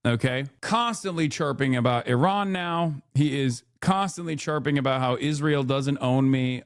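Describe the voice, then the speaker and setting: A man's voice: medium pitch, normal speed, hardly any pauses, no echo. Sarcastic male political streamer, dry close sound. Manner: sarcastic, mocking, scornful with laughs. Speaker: political livestream host. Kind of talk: live political commentary reading posts.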